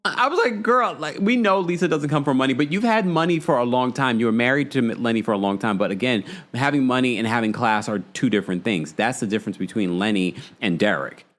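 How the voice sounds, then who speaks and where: A man hosting a live recap show, chatting casually, reading out viewer comments and gossiping with animated energy. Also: mid-range voice, fast, few pauses. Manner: animated, gossipy, mimics people in quotes. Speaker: podcast host.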